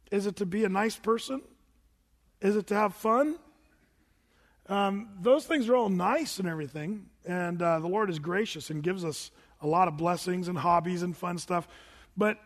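A man's voice: high-pitched, in a large hall. A man preaching a sermon as pastor in a conversational, folksy way, firing questions at the congregation. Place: church sanctuary.

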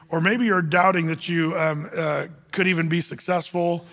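An animated man preaching to a gathering, his high voice bright and forceful as he acts out the people in his story. The sound rings with the long reverb of a large hall. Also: brisk, hardly any pauses. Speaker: men's group speaker. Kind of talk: sermon.

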